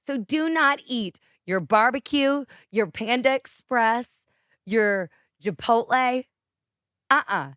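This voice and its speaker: A woman's voice: a little high, takes it slowly, a bit bright, smooth, no echo, clean studio sound. A woman co-hosting a podcast, chatting casually and ranting emphatically about her pet peeves. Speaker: podcast co-host.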